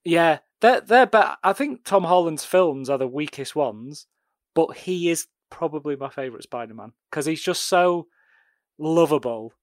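Animated man chatting films. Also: a little high, normal speed, no echo. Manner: animated, laughing, trailing restarts. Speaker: podcast co-host. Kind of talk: casual film chat.

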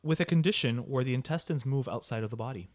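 A man co-hosting a casual podcast, telling stories in an animated way and dropping Spanish words. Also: medium pitch, quick pace. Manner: animated, lively storytelling with Spanish interjections. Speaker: podcast co-host. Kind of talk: casual chat.

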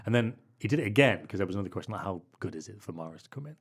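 A man's voice: lowish voice, animated, very fast, husky. A man, a football club correspondent, chatting on a podcast and telling rambling anecdotes with lots of "like" fillers. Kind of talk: casual podcast chat.

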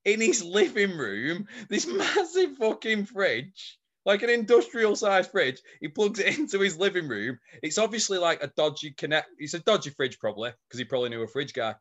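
A man's voice: high voice, big pitch swings, moderate pace, hardly any pauses, a bit bright, dull audio. A man, co-hosting a casual chat and retelling a story, laughing and swearing as he goes. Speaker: podcast co-host.

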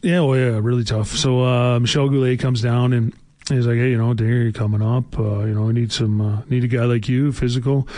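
This ex-hockey player, in his forties, rambles through casual stories loaded with filler words on a talk show. His voice is medium-pitched and dark in tone, with fairly even intonation, a fairly quick pace, and no echo.

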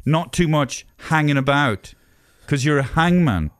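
A man voicing an excitable pub local in a comedy sketch, loud and gushing. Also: a little high, measured pace. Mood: impatient.

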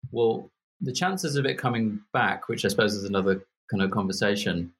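A man's voice: fairly low pitch, a little fast, fairly bright tone, a little hiss or hum. A man in his forties from Birmingham, a podcast guest chatting casually with lots of fillers and restarts. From Birmingham, England. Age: 40s. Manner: rambling, many fillers and restarts.

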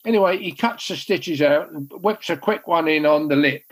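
A man's voice: a little high, normal speed, a bit bright, breathy edge, rough recording. An older man, a former goalkeeper telling rambling, self-deprecating stories with many restarts. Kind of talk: casual anecdote telling.

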